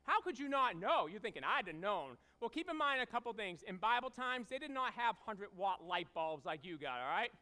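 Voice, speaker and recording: Male pastor, sermon delivery, very high and bright voice, clear, animated storyteller who acts out voices. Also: brisk, few pauses. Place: church sanctuary.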